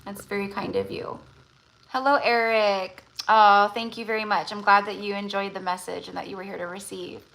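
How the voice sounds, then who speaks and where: Bright-voiced woman hosting a tarot livestream. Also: medium pitch, level tone, normal speed, gravelly, slight background noise, low-quality recording. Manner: rambling, full of fillers and restarts. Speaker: tarot reader and livestream host. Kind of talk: casual livestream chat.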